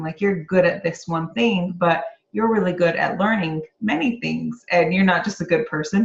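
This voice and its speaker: A middle-aged woman, a real estate agent, giving an upbeat, encouraging motivational talk to the camera. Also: fairly low pitch. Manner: upbeat and encouraging, breaks into laughter. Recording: roomy, slightly dull lo-fi sound.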